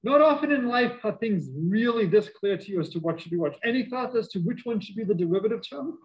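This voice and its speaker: Man, Boston accent, high voice, animated lecture, muffled by a mask. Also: quick pace. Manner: animated, joking asides to students. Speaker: math professor. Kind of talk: university lecture. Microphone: muffled by face mask.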